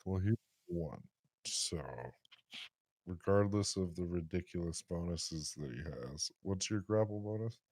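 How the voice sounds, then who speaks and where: A man with a low voice runs a tabletop game, patiently explaining the rules step by step. His voice sounds close and dry, with no room around it. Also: steady tone, a little slow, a little mellow, no room sound. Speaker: dungeon master. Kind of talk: running a tabletop game over voice chat.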